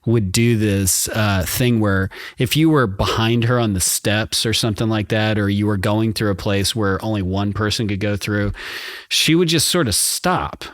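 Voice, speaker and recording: A man co-hosting a podcast, telling family stories in a rambling way and squeaking out quoted lines. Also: level tone, normal speed, hardly any pauses, no echo, studio quality. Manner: rambling, laughs, with sudden high-pitched quoted lines. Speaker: podcast co-host. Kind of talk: casual podcast chat.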